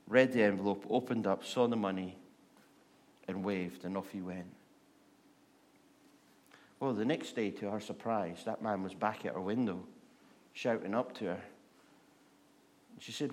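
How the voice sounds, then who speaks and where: A man preaching a sermon, repeating rhetorical questions and slowing down to stress words. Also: fairly low pitch.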